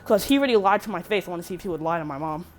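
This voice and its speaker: A woman's voice: lowish voice, expressive, rapid-fire. A teenage girl rambling through a casual storytime vlog, swearing freely and correcting herself as she goes. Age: teen. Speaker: vlogger.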